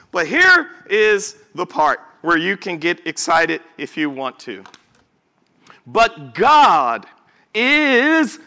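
A man preaching to his congregation in a high, bright voice that swings widely between soft murmurs and sudden shouts. He speaks slowly and stretches key words for emphasis. He also slips into casual, chatty asides to the people in front of him. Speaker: pastor. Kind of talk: sermon. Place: church service before a congregation.

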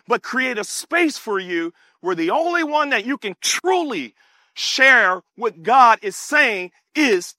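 A man preaching a sermon with animated call-and-response and bursts of shouting. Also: very high voice, no echo, studio quality.

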